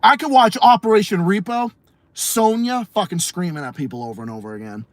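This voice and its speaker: Casually ranting through a late-night livestream podcast, a streamer and host swears freely, repeats himself and frequently laughs. His high, animated voice moves fairly quickly, and the recording is dry.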